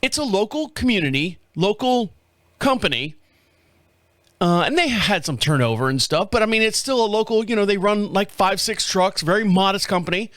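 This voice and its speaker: A middle-aged man hosts his own show with a fairly high voice for a man. He rambles through a story in a loose, profane way and laughs at his own blunders. The sound is dry and close, with no room behind him. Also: moderate pace, dry recording. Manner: animated, profane, laughs at himself. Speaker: podcast host. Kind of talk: casual storytelling monologue. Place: home studio.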